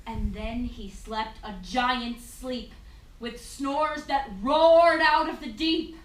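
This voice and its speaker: A woman narrating a rhyming story in a lively sing-song way for a stage skit. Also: a little high, takes it slowly, slight background noise. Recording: echoey room from far off.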